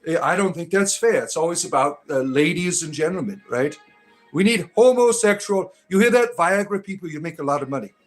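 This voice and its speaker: A man's voice: fairly high pitch, animated, quick pace, hardly any pauses, soft background music. A man hosting a casual live stream, rambling and joking as he greets viewers by name.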